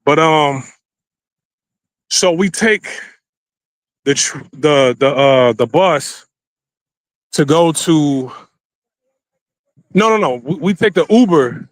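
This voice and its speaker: A man with a fairly high voice tells a dating story in loose, animated slang, acting out what each person said. He walks through a city holding his phone camera, and the sound is dry with no room echo. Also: slow, pauses often. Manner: animated, slangy, acts out quotes. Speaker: vlogger. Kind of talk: casual storytelling while walking. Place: outdoors in a city. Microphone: handheld phone camera.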